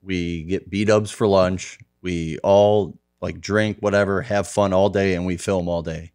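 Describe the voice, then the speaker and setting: A man guest in a casual podcast chat, relaxed and rambling, swearing casually. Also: deep voice, unhurried, clear, resonant tone.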